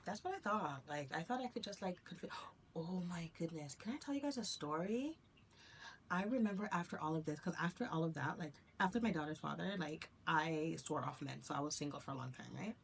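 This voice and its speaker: A woman's voice: sits low, lively intonation, fairly quick, vocal fry, reverberant, slight background noise. A young woman telling a rambling personal story to her viewers, with many fillers and bursts of laughter. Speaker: vlogger. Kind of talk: casual storytelling to camera.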